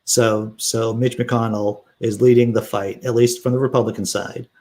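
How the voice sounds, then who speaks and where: At normal speed and medium pitch, a man hosts a casual political stream. He reads news aloud, drops sarcastic asides, replies to chat and laughs with animated energy.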